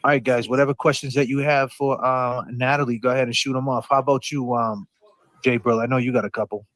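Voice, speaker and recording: A man's voice: mid-range voice, flat delivery, fast talker, a bit bright, dry recording. A man hosting a casual livestream over a video call, loose and chatty, talking straight to his viewers. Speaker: livestream host.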